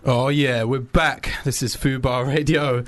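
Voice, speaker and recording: A man's voice: medium pitch, steady tone, a little slow. A man, hosting a casual radio chat in a studio, jokey and rambling. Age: 30s. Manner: chatty, jokey, rambling with restarts. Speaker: radio host.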